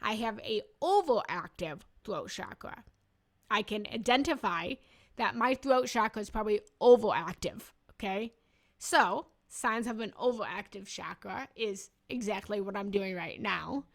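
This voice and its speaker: A woman's voice: medium pitch, animated, unhurried, gravelly. A woman spiritual coach giving a casual, chatty chakra lesson, often breaking off mid-word and laughing at herself. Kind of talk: casual live teaching on chakras.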